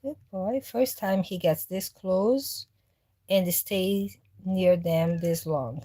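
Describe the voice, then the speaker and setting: Slow-talking woman cooing to her cats. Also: fairly low pitch, warm tone, no room sound. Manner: coaxing baby talk to her cats, calling and meowing. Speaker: cat owner and vlogger. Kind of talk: casual vlog narration.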